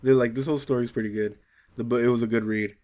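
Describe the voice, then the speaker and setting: A man's voice: mid-range voice, fairly even intonation, fast talker, muffled recording. A man casually recapping a story, rambling with lots of fillers and loosely quoting characters. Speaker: comic book reviewer.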